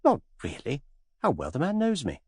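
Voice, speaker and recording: Brief: man voicing teasing, airy young English lady, soft and husky. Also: a little high, wildly swooping pitch, normal speed, no echo, studio quality, pitched above the performer's own voice, exaggerated voice. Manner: airy, teasing, softly amused. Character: breezy, witty young English society woman.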